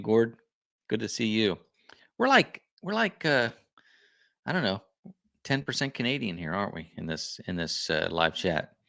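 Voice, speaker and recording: A man's voice: on the low side, creaky, fairly bright tone. A man hosting a casual livestream, rambling and correcting himself as he chats with viewers. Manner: rambling, self-correcting, chatty. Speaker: livestream host.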